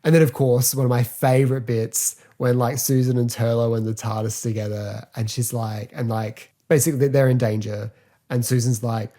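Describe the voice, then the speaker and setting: A man hosting a casual solo podcast review, talking in a chatty, rambling way full of fillers and quick laughs. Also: medium pitch, fairly even intonation, dark tone. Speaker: podcast host.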